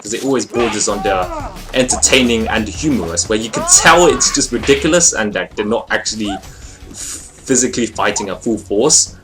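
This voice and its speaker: A young man giving a casual, rambling video review of a friend's short film, expressive and full of fillers. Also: medium pitch.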